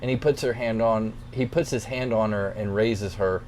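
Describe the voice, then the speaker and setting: A young man, a youth pastor, reading scripture and then explaining it in a relaxed, conversational devotional talk. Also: lowish voice, moderate pace, a little hiss or hum. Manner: relaxed, conversational, plainspoken encouragement.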